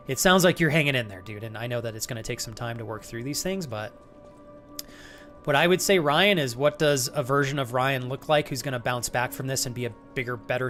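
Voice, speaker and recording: A man streams a game live in a chatty, joking way, talking to his viewers as he plays. His voice sits at an average pitch. Faint game music plays behind him. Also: a bit bright. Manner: chatty, joking, reads chat aloud. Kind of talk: live gameplay commentary.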